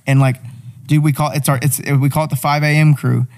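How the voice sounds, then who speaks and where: A man's voice: medium pitch, little pitch movement, quick pace, a little mellow. Profane, blunt young man on a podcast. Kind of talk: casual podcast chat.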